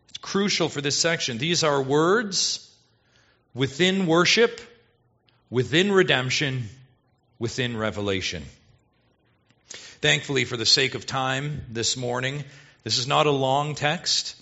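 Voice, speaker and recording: A man's voice: medium pitch, sharp tone. A male pastor preaching a sermon, reading scripture and praying, then building to emphatic, urgent exhortation. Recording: dull lo-fi sermon recording.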